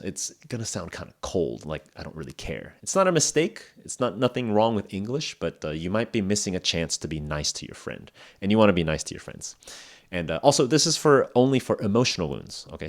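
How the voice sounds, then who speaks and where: A young man hosting an English lesson podcast, explaining phrases in a relaxed, chatty way with acted examples. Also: sits low. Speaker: English podcast host and teacher. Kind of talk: casual spoken English lesson.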